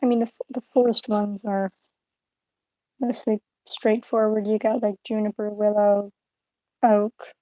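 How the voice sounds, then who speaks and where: A woman's voice: mid-range voice, little pitch movement, unhurried, pauses often, warm tone, no room sound, poor audio. A young woman streaming her art, chatting casually with viewers in a rambling, absent-minded way from a hotel room. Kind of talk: casual chat with live chat while drawing.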